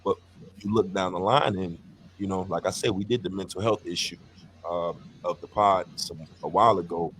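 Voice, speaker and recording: A very deep-voiced man co-hosting a podcast, speaking openly and swearing freely as he tells stories. A faint background noise sits under his voice. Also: a bit bright. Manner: candid, profane, storytelling. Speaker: podcast co-host. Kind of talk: casual podcast chat.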